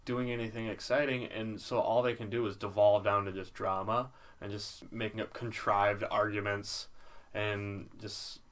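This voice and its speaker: A man's voice: on the low side, little pitch movement, moderate pace, fairly bright tone. A male podcast co-host in casual chat, blunt and opinionated but easygoing. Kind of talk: casual chat recapping a reality show.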